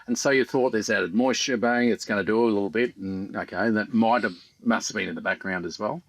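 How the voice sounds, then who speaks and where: An Australian man in his fifties, a former fast bowler guesting on a podcast, telling rambling stories with dry humour and lots of ums. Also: on the low side, no room sound. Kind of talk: casual podcast chat.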